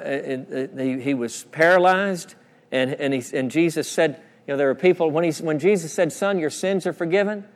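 A man preaching a sermon, repeating phrases and calling for responses from the congregation. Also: a little high. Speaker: pastor. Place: church sanctuary. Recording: long church reverb.

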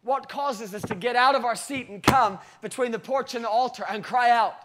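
Against a noisy background, a man preaches to his church, recounting a story and reading scripture. He goes from loud, drawn-out cries down to low, quiet speech.

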